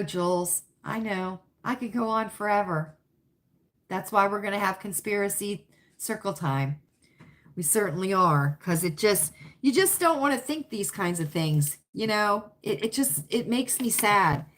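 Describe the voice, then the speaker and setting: This is a woman hosting a relaxed livestream, chatting with viewers and answering their comments. She talks at an unhurried pace, repeating her points with emphasis and strong opinions. Her pitch sits in an ordinary middle range. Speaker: livestream host. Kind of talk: casual livestream chat, reading viewer comments.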